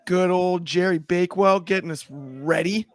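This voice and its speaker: High-voiced chatty male host. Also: moderate pace, dry recording. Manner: upbeat, chatty, laughs easily. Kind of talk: casual watchalong chat.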